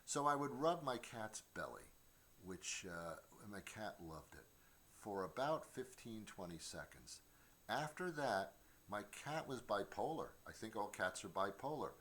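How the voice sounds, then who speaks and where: Deep-voiced man rambling through stand-up. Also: sing-song, a little slow, fairly bright tone. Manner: rambling, stammering restarts, mock voices. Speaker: comedian host. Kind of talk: stand-up comedy monologue. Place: home studio.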